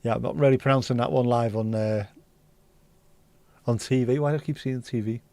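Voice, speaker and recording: A man's voice: medium pitch, fairly even intonation, brisk, darkish tone, dry recording. A man from North West England, hosting a casual livestream and bantering with chat comments. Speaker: livestream host.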